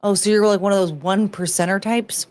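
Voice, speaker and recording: A woman's voice: mid-range voice, fairly even intonation, fairly quick, darkish tone. A woman hosting her own livestream, chatting casually and greeting viewers by name with sing-song asides. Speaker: livestream host.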